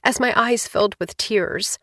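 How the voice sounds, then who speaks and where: A woman narrating a novel in the first person as an audiobook reader, with even, clear storytelling. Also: fairly high pitch, measured pace, no room sound, studio quality.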